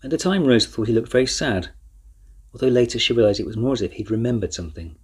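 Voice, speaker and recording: A man reading a children's storybook aloud as narrator, in an even, measured way. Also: mid-range voice, husky. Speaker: audiobook narrator.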